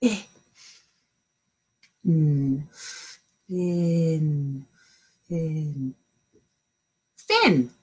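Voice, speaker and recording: A woman teaching a phonics lesson to young children, with slow, drawn-out sounds and lots of praise. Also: sits low, a little mellow, breathy edge. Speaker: kindergarten teacher.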